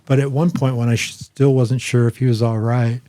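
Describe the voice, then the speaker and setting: A man's voice: medium pitch, level tone, normal speed, mellow. An older man from the United States, a comedian guest, telling loose, profane stories in casual chat.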